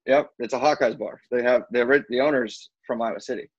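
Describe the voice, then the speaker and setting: A man's voice: medium pitch, fairly even intonation, brisk, slightly rough, no echo, muffled recording. A young man telling a story to friends in a casual chat, acting out the quotes and swearing freely.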